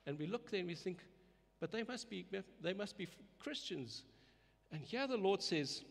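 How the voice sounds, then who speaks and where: A man's voice: sits high, expressive, moderate pace, creaky, husky. A man preaching a sermon in an earnest way, often repeating words and letting his voice rise and fall for emphasis. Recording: long reverb of a hall.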